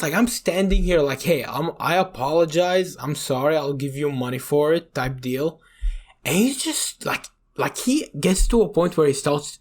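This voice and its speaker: A young man from Iraq co-hosting a podcast, telling stories in a rambling, swear-filled way and leaning on "you know". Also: on the high side. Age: young adult. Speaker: podcast co-host. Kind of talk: casual chat.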